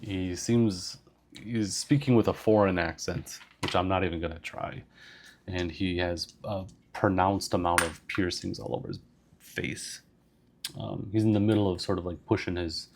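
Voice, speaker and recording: A man's voice: low voice, vocal fry, a little hiss or hum. A man casually narrating a solo tabletop game, rambling with lots of fillers. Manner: casual, meandering, full of fillers.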